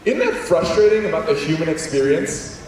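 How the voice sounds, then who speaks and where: A young adult man telling funny stories as a guest speaker in a large school auditorium, animated and acting out quotes in voices. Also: on the high side, normal speed, a little hiss or hum. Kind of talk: comedic storytelling talk. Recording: echoey hall, distant mic.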